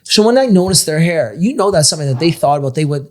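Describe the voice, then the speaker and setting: A young man talks fast as a podcast guest, telling lively stories in a loose, casual way. He swears often and fills his speech with "like.". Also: on the high side. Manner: animated storytelling, frequent swearing and "like". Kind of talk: casual chat.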